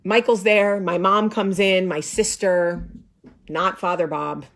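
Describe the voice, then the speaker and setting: Woman host telling a funny story, sarcastic, does all the voices, mid pitch. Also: a little slow. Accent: New Jersey. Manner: animated, sarcastic, acts out voices. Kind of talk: casual storytelling.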